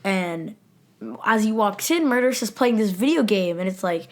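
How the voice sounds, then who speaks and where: Relaxed young woman podcast co-host. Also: medium pitch. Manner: relaxed, many fillers, quick laughs. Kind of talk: casual chat.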